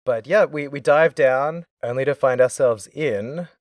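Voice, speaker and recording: Man, podcast co-host, casual recap chat, animated, acts out lines, dry close mic, middle pitch. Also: a little slow, dry recording. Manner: animated, acts out characters' lines with swearing and laughs.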